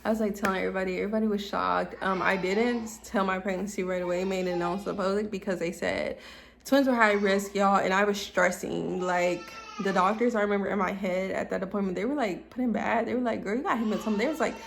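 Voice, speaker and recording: A young woman talks in a chatty storytime vlog, calling her viewers y'all again and again. Her voice has a gravelly fry at the ends of phrases, and there is a faint hiss of noise behind her. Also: medium pitch, steady tone, fast. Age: young adult. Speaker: vlogger.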